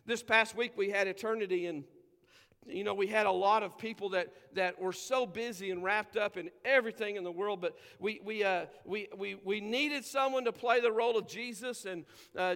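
A man preaching a sermon as pastor, with emphatic delivery, drawn-out scripture quotes and conversational asides to the congregation. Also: sits high, a bit bright, big-room sound. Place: church sanctuary.

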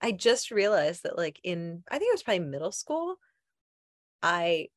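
A woman's voice: lowish voice, very animated, moderate pace, no room sound, studio quality. A woman co-hosting a casual chat, telling personal memories in a giggly, self-deprecating way.

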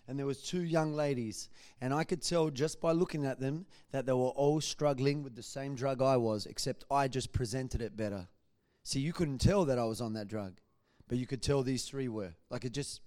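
A man giving a church testimony, telling his story in a lively way and acting out what people said. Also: mid-range voice. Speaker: guest speaker giving testimony.

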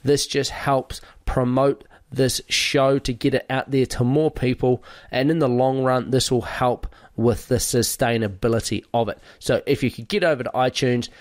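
A man's voice: mid-range voice, fairly even intonation, unhurried, dry recording, clean studio sound. A man hosting a podcast, explaining training topics in a conversational monologue with occasional fillers. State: recovering from a cold. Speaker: podcast host.

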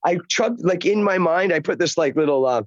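An older man rambles excitedly and curses freely as a guest in a casual chat. His voice runs fairly high and quick. The sound is dry and a little dull. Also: no room sound. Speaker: actor, guest. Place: outdoors by a lake.

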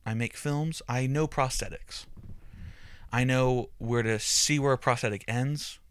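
A man's voice: medium pitch, measured pace, a bit bright, clear, resonant tone, no room sound, clean studio sound. A young adult man hosting a podcast, telling a crude comic story in a rambling, profane way and often breaking into laughs.

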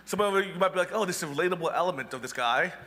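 A man's voice: high-pitched, very fast, pushed and bright, long reverb tail. A man, a pastor, preaching a sermon in a conversational way with wry asides.

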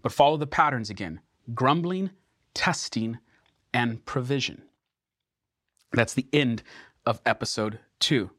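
A man teaching a sermon through scripture, earnest and emphatic, slowing down to stress key words. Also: medium pitch, a bit bright, no room sound, studio quality.

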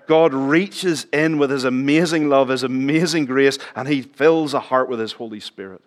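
A middle-aged man preaching a sermon in church, chatting with the congregation, asking them questions and dropping his voice low for emphasis. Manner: conversational, asks the congregation questions, drops to near whisper for emphasis. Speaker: pastor.

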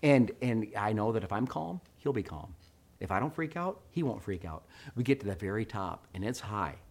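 A middle-aged man preaching a sermon, telling a story with animated swings between hushed and loud delivery. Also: fairly low pitch, moderate pace, vocal fry. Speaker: pastor.

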